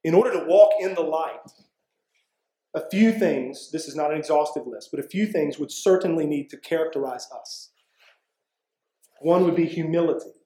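A man's voice: on the high side, warm tone. Earnest male preacher in an echoey room. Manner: earnest, conversational preaching with frequent "right?" asides. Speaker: pastor. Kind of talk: sermon.

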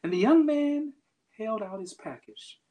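Lively preacher telling a story. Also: mid-range voice, a little slow. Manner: emphatic, dramatic swings in loudness. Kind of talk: sermon storytelling.

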